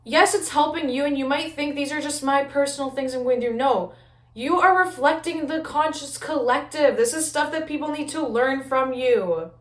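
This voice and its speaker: A young woman giving a casual pick-a-card tarot reading, talking fast and loose with lots of "like" and casual swearing. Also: high voice. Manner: chatty, frequent "like", swears casually. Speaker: tarot reader. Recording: echoey room.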